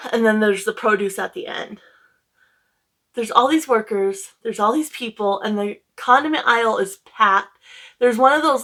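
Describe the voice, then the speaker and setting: A young woman retells her day to camera in a loose, rambling way, full of fillers and emotion. Her voice sits a little high, and she talks casually from home. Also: bright, forceful tone. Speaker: book vlogger.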